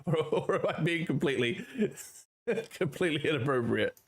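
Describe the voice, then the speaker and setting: A man's voice: on the high side, animated, moderate pace. A man in his forties hosting a casual livestream from home, chatting with viewers in a rambling, friendly way. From United Kingdom. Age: 40s. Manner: rambling and friendly, many "you know"s. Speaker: livestream host.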